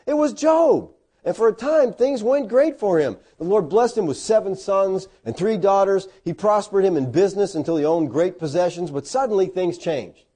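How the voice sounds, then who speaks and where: A middle-aged man preaching a sermon, his voice mellow and a little higher than most men's. He tells stories with folksy asides and self-deprecating humor, and his pitch swings widely as he talks. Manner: animated storytelling with sudden loud, high bursts.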